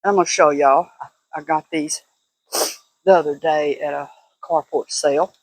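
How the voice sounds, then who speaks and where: A woman's voice: deep voice, steady tone, normal speed, dry recording, rough recording. An older woman chatting casually to camera as a vlogger, laughing often in a folksy way. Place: at home, walking indoors and out.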